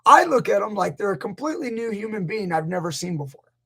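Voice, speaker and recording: A man's voice: high voice, animated, fast, vocal fry, sharp tone, husky. A man, a grappling coach hosting a casual live stream, rambling through stories and acting out what people said. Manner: rambling, storytelling, acts out quotes. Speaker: grappling coach, channel host.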